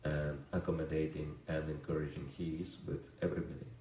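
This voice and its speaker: Deep-voiced man telling a story in a roomy hall. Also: fast, distant mic. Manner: relaxed anecdotal storytelling with fillers and chuckles. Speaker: monk giving a talk. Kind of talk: storytelling lecture.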